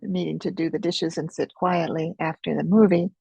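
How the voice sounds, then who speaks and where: A middle-aged woman leading an experiential teaching webinar in a gentle, reflective way, pausing often, over a video call mic. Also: lowish voice, steady tone, vocal fry, slightly rough, no room sound, lo-fi sound. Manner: gentle, reflective, unhurried with pauses. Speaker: Focusing teacher.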